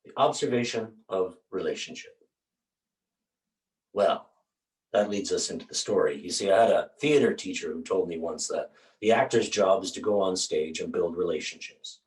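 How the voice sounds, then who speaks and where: A man performing a one-man theatre show. He tells the story in an animated way with dramatic asides, and paints on stage while he talks. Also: deep voice. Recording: roomy stage sound from a distance.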